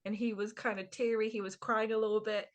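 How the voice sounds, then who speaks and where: A woman's voice: medium pitch, little pitch movement, brisk. A woman co-hosting a podcast, chatting casually, chiming in and laughing along with her guest. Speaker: podcast co-host. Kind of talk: casual chat.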